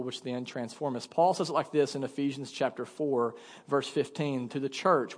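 A man in his thirties preaching a storytelling sermon as pastor, lively and acting out quotes while joking with the congregation. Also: a little high. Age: 30s. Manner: animated, acts out quotes, jokes with congregation. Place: church sanctuary. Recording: long hall reverb.

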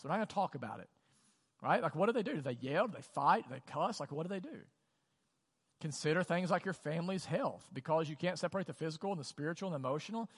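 A middle-aged man preaching a sermon as pastor, talking in a conversational way with many rhetorical questions and dropping to quiet, earnest tones. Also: on the high side, animated, quick pace. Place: church auditorium. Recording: long reverb of a large hall.

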